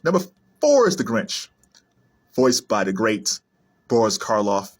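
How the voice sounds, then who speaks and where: A man chatting casually on his own, animated and laughing often, sometimes popping into silly high voices. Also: measured pace, husky. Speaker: video creator. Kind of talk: casual solo chat to camera.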